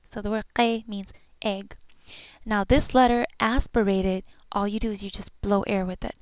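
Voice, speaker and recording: A woman's voice: medium pitch, fairly even intonation, unhurried, clean tone, dry recording. A woman giving a patient pronunciation lesson, saying each sound several times over. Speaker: language teacher.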